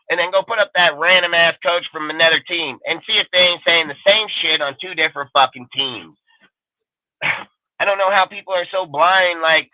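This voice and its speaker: A man's voice: fairly high pitch, no echo. A man ranting as a sports talk panelist, swearing constantly and hammering the same points over and over. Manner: profane, emphatic, repeats points. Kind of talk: heated casual sports rant. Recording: tinny phone-line audio.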